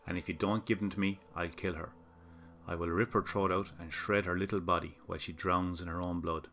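A man voicing a sly, cruel male hell creature in a horror story reading, with a raspy, dry voice and a mocking croon. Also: low voice, level tone, brisk, fairly bright tone. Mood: menacing.

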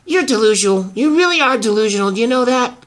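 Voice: mid-range voice, animated, quick pace, fairly bright tone, close to an everyday voice. A performer voicing an indignant woman who keeps accusing her rival, in amateur soap-opera acting. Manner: accusing, exasperated. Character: indignant young woman, protective.

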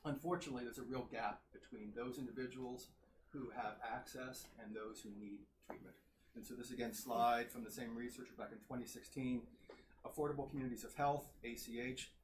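A man's voice: mid-range voice, fairly even intonation, brisk. A man giving a public health lecture with slides, earnest and emphatic, laying out points one by one. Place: lecture hall. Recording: roomy hall sound, faint noise.

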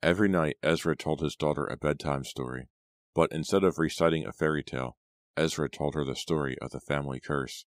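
Man, very deep voice, dramatic horror audiobook narration, dry close sound. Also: no room sound. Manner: dramatic, measured reading. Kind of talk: scripted narration.

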